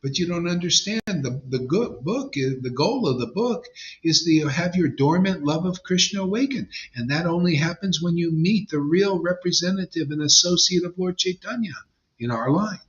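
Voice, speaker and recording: A man preaches bluntly and casually to his listeners, his pitch swinging up and down with every point. The sound is dull and lo-fi. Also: expressive, normal speed. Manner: emphatic, blunt, conversational, says "man" often. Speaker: spiritual teacher. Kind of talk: informal devotional sermon to a live audience.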